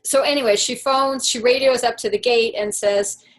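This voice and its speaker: A woman coach telling a personal story in a lively, casual way, full of "like" and "you know". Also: fairly high pitch, moderate pace, low-quality recording. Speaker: life coach and speaker.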